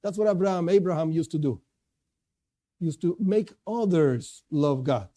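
Male lecturer, religious class, earnest and emphatic, voice pitched somewhat high. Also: animated, moderate pace, warm tone. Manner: earnest, stresses key words, repeats and restarts. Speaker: Torah teacher.

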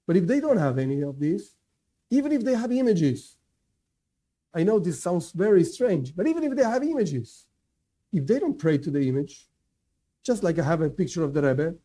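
A man's voice: fairly high pitch, dark tone. A man giving an informal religious lecture, emphatic and conversational, repeating his key points and answering imagined objections. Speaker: teacher giving a class.

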